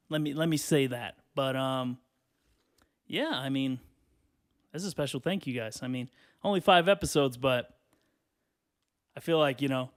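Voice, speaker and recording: A man hosting a solo podcast from a hot bedroom, rambling casually with lots of swearing and filler, a little out of breath and clearing his throat. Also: mid-range voice. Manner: rambling, profane, lots of "you know". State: out of breath and sweaty, standing. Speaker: podcast host.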